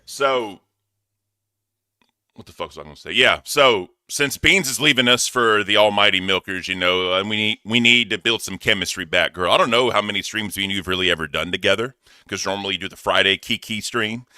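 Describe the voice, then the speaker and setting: Bright-voiced, profane male stream host. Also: on the low side, brisk, dry recording, studio quality. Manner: loud, profane, hyped shout-outs. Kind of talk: casual livestream chat, reading donations.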